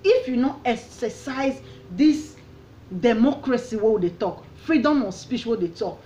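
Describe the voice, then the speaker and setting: Nigerian woman vlogger, heated and preachy, lively high voice, faint hiss behind a muffled recording. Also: moderate pace. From Edo State, Nigeria. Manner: passionate, preachy, repeating questions. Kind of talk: opinion rant.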